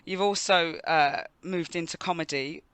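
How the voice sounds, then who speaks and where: Bright South London woman host. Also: on the low side, normal speed, clean tone. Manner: asks long, rambling questions. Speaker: radio co-host. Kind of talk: casual radio chat.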